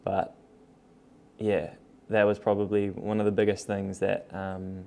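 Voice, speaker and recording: Laid-back low-voiced young man, swearing freely. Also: measured pace, gravelly. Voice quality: relaxed, frank, swears freely. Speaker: vlogger. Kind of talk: casual talk to camera. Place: new home, room full of boxes.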